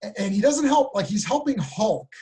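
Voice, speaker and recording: A man co-hosting a casual comic book chat, rambling excitedly and acting out quotes. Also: sits high, normal speed. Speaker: podcast co-host.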